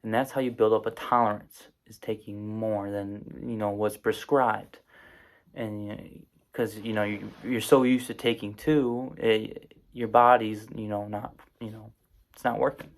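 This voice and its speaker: Young adult man, casual explainer host, low voice with some fry, loose and rambling delivery. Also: little pitch movement, a little slow. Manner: casual, rambling, many fillers and restarts. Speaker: presenter explaining psychoactive drugs. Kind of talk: informal explainer video.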